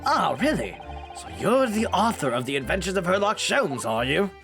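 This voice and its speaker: A man voicing a stern older gentleman with a slightly raspy, gruff, blustery and formal delivery. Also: high voice, wildly swooping pitch, fast talker, music in the background, heavily acted.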